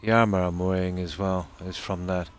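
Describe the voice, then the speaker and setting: A man streaming a video game from home, chatting softly and unhurriedly with viewers about the game and his pets. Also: low-pitched, a little hiss or hum. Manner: soft-spoken, talks quietly so sleeping dogs stay asleep; relaxed and unhurried, with fillers. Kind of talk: casual gameplay commentary. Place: home room.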